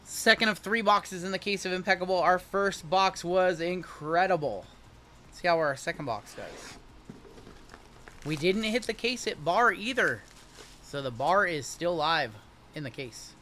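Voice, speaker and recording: Young dude hosting a card break, high bright voice, jokey hype talk, faint background hum. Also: male voice, lively intonation. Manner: hyped, jokey, rapid running banter. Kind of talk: live-stream card break commentary.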